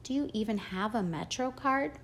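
A woman's voice: a little high, animated, moderate pace, pitched above the performer's own voice. A woman voicing a worried middle-aged mother, anxious and pleading, in an audiobook reading.

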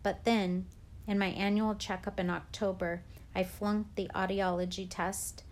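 A woman reading a chapter book aloud in a steady, clear way. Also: mid-range voice, a little slow, slight background noise.

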